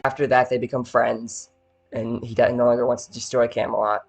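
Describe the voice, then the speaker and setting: A man talking through episodes of a show in a loose, rambling way. His voice sits at an ordinary middle pitch, and he keeps dropping into quick impressions of the characters. Soft music runs faintly underneath. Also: level tone, vocal fry. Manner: rambling, filler-heavy, acts out characters' lines. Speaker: video essay host. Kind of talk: casual episode recap.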